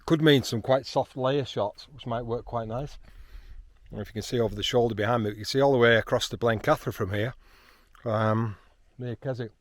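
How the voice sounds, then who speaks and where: A man, chatting excitedly outdoors on a hilltop, with frequent ums. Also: medium pitch, normal speed, no room sound. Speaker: landscape photographer. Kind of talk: casual vlog narration while hiking.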